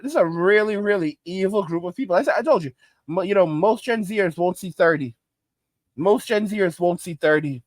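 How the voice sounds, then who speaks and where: A man's voice: sits high, dry recording. A man hosting a commentary channel, ranting emphatically and repeating his points. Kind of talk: reaction commentary.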